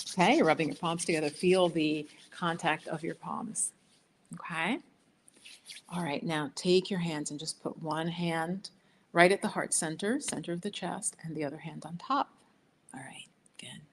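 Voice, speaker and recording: A woman teaching on a live stream, gently guiding listeners through slow affirmations and breathing. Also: lowish voice, a little hiss or hum. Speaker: yoga and healing teacher hosting a live stream. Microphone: laptop for live video below her.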